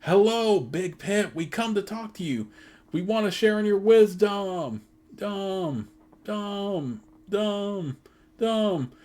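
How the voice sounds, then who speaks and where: Man reads an earnest, pleading male pilgrim leader from a video game, zealous and sure of himself, mid-range pitch. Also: expressive, fairly quick, lightly acted. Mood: wailing. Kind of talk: reading a video game's dialogue aloud.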